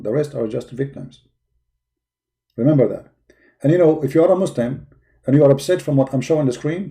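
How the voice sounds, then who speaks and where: A man's voice: medium pitch, vocal fry, mellow. A man hosting a call-in show, talking with a sarcastic, teasing manner and breaking into mocking sing-song.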